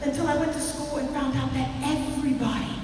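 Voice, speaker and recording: A woman's voice: high-pitched, fairly quick, noisy background. A woman giving a playful stage talk to a live audience, telling stories and teasing the crowd. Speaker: keynote speaker and pianist. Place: large hall with a live audience. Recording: echoey hall, far from the mic, music and crowd behind.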